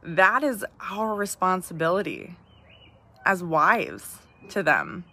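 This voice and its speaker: A woman in her thirties hosts a podcast, sharing heartfelt personal reflections with listeners and sometimes growing tearful. Her fairly low voice is sing-song, slow, gravelly and bright, with a forceful tone. She often restarts phrases and asks "right?"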